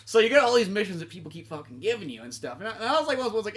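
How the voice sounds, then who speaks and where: A man co-hosts a comedy podcast, rambling loosely about video games, swearing, and acting out bits in silly voices. His voice is high and fairly bright, with big pitch swings, and he talks at a racing speed.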